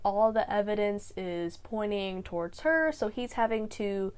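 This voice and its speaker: A woman's voice: medium pitch, measured pace, smooth. A woman guest co-hosting a podcast, chatting casually and expressively, laughing often. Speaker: guest co-host. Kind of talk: casual recap chat.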